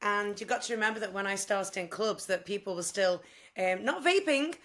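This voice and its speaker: A woman's voice: medium pitch, normal speed, a bit bright. A woman in her fifties, a tribute singer, chatting as a guest in a playful way and calling people honey. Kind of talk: casual interview chat.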